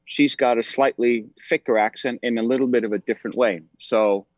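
Speaking a little fast with fairly even intonation and a mid-range voice, this actor in his forties is a guest on a casual podcast interview. He's thoughtful, often saying um and starting over, on a dry, dull, slightly lo-fi recording.

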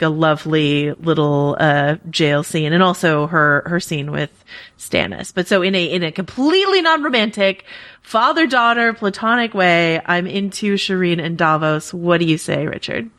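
A woman's voice: on the low side, fairly bright tone. A woman hosting a podcast in casual chat, enthusiastic and gushing. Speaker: podcast host.

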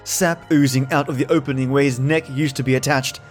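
A man narrating a first-person horror story from a script, measured and tense. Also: mid-range voice, steady tone, soft background music.

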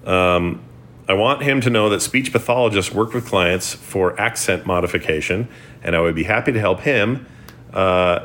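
A man with a notably low voice hosts a casual podcast, joking around and reading listener mail. His manner is relaxed and chatty, with a faint hum of background noise under the recording. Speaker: podcast host.

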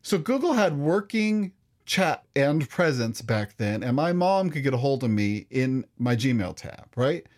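A man's voice: mid-range voice, sing-song, a little mellow. A man co-hosting a tech podcast in casual chat, jumping in with questions and memories. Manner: quick interjections, reminiscing, questioning. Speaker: podcast co-host.

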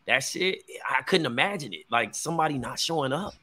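Here a thirtysomething podcast co-host chats casually, recounting something from his own life with plenty of slang and profanity. He speaks a little fast, with lively intonation and a pushed, bright quality.

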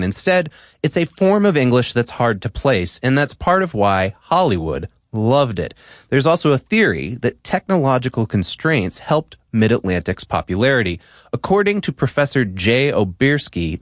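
A man's voice: mid-range voice, no room sound, clean studio sound. A man hosting an explainer podcast, reading a playful scripted narration. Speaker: podcast host.

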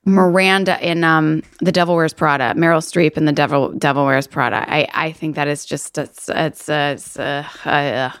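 Chatty Southern woman with a low voice. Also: steady tone, moderate pace, hardly any pauses, smooth. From Kentucky, USA. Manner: chatty, hesitant, many fillers and restarts. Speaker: podcast co-host, actress. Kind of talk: casual chat.

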